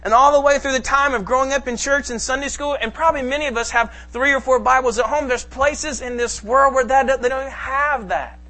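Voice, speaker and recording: A man preaching a sermon to a congregation, reading scripture slowly and with emphasis. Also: extremely high pitch, pushed and bright. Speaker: pastor. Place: church sanctuary.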